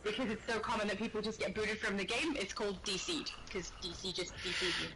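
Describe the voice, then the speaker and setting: A woman's voice: medium pitch, fast, bright, forceful tone, poor audio. A woman co-hosting a casual gaming livestream, chatty and laughing often as she reads chat aloud. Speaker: livestream co-host. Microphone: home streaming microphone.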